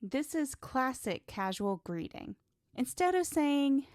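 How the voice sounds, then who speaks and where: Woman teacher doing a scripted lesson, slow and emphatic, dry close sound. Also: high voice, animated, a little mellow, no echo. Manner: deliberate, emphatic teaching delivery. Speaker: English teacher, podcast host.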